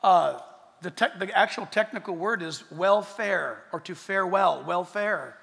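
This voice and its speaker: A man preaching a sermon as a pastor, animated, swinging from loud bursts to hushed asides and dropping in jokes. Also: sits high, unhurried, creaky, in a large hall.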